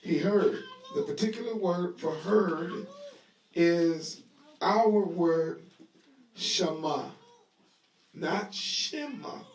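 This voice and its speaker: High-voiced male preacher, echoey room. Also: extremely slow, pauses often, darkish tone, slight background noise. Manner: conversational, acts out scenes with voices; leads the audience in call-and-response. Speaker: Bible teacher. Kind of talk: lively sermon-style Bible lesson. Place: room at a live gathering. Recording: echoey live room audio, voice distant.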